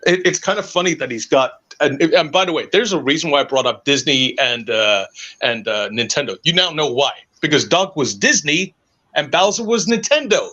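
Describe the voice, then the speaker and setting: Ranting man with a bright voice. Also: on the high side, moderate pace. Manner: animated, ranting, sarcastic. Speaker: podcast host. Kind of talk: casual podcast chat. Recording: dull lo-fi audio.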